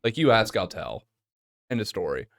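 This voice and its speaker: A man's voice: on the low side, big pitch swings, moderate pace, vocal fry, no room sound, clean studio sound. A man co-hosting a casual podcast, talking bluntly and swearing freely. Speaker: podcast co-host. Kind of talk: casual chat.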